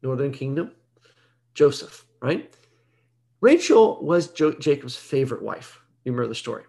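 A man's voice: medium pitch, big pitch swings, moderate pace, vocal fry, warm tone. A man giving an evening Bible teaching in a conversational way, explaining step by step and often checking in with "right?".

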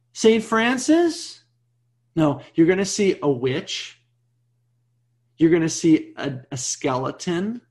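A man's voice: a little high, creaky, darkish tone. A man, a priest, teaching a Bible passage in a sermon, chatty and often checking in with "okay?". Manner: conversational, frequent "okay?" check-ins.

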